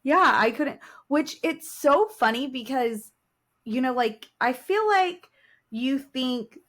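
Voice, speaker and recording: A woman's voice: sits high, expressive, slow, fairly bright tone. A woman in her forties co-hosting a podcast, chatting casually and telling stories with laughs and emotion. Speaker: podcast co-host. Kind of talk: casual chat.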